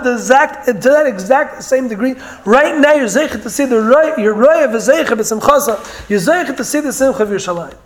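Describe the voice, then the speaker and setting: A man delivers an earnest Torah lecture in a strikingly high voice. He slips Hebrew and Yiddish terms into his English as he explains verses and tells stories. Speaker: Torah teacher.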